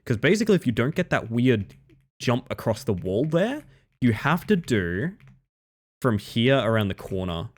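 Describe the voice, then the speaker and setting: A slightly tired-sounding man streams a late-night speedrun, offering casual gameplay commentary as he chats with viewers, thinks aloud, and corrects himself. His medium-pitched voice moves at normal speed with big pitch swings.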